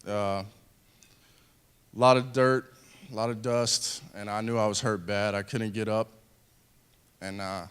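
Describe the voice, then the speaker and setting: A man in his thirties speaks to an audience about what he went through as a veteran. His voice is smooth and clear, and his earnest delivery halts and restarts now and then. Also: fairly low pitch, fairly even intonation, unhurried, pauses often, fairly bright tone. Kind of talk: personal speech to an audience.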